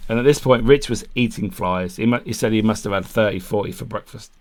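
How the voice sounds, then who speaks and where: A man's voice: fairly low pitch, fairly quick. Man telling a sweary story. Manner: swears freely, acts out quotes, laughs mid-story. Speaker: podcast co-host. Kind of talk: casual storytelling chat.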